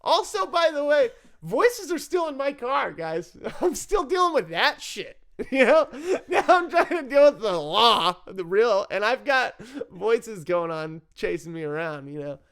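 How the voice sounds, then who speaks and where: A man's voice: extremely high pitch, big pitch swings, a little slow, a bit bright, smooth. A man telling a personal story in a casual, self-mocking way, swearing freely and laughing often. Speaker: storyteller recounting his addiction.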